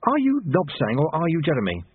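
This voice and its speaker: A man voicing a sharp, unflappable young woman in an audiobook, dry and blunt. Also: on the high side, wildly swooping pitch, brisk, husky, no echo, phone-quality sound, pitched above the performer's own voice, full character voice.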